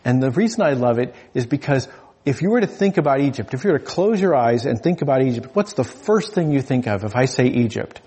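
A man's voice: medium pitch, expressive, a little fast, mellow, slightly rough. A man preaching a sermon in a conversational, humorous way, often restarting his phrases.

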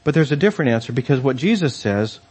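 A man's voice: mid-range voice, animated, fast talker, a little mellow, husky. A man preaching a sermon in a conversational storytelling way, with fillers and restarts.

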